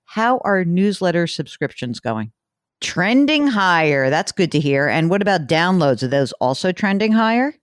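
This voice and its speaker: A woman hosting a money advice show, chatting briskly and teasing her co-host while she questions a caller. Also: lowish voice, no echo, studio quality. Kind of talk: casual radio call-in chat.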